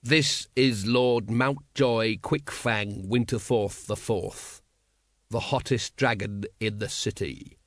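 A hard-bitten middle-aged watch captain, as a male reader puts him on, talking low and unhurried with dry, quiet menace. The storybook voice sits close and dry on the mic, with almost no room around it. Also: fairly even intonation, no echo. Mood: quietly menacing. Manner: soft, slow, menacing delivery. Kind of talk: audiobook character voice.

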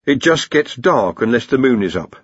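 Male narrator voicing a flat, matter-of-fact wizard for an audiobook, a little raised and husky. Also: medium pitch, moderate pace, no room sound, dull audio. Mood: dismissive.

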